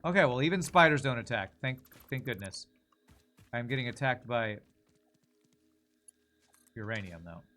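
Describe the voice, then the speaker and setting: A young man streaming a video game, thinking out loud in a rambling, casual way as he works through problems. His voice sits at an ordinary middle pitch, with faint game music playing behind him. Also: expressive, normal speed, long pauses. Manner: rambling, talks to himself while working things out. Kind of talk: casual gameplay commentary.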